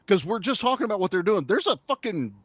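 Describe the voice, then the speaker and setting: A man co-hosting a casual movie discussion, lively and profane, acting out characters. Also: high voice, fast talker, dry recording. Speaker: podcast co-host.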